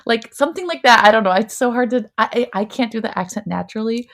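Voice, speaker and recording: A woman's voice: fairly high pitch, fast, hardly any pauses, a bit bright. A young woman co-hosting a podcast, reviewing a TV show in casual chat, full of "like" fillers. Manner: chatty, lots of "like" fillers. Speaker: podcast co-host.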